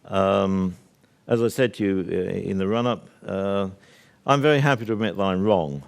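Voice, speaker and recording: An older man from Britain talks to a live audience at a workshop, his voice sitting low. He speaks assertively, filling gaps with ums and wandering into asides before coming back to his point. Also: moderate pace, creaky. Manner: discursive, assertive, with many fillers and asides. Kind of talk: public talk to an audience.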